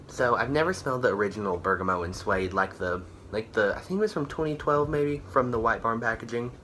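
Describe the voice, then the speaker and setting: A man's voice: medium pitch, fairly quick, fairly bright tone, slight background noise. A man chatting casually through a candle haul, rambling with lots of fillers and self-corrections, a bit tired and out of breath. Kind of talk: casual product review chat.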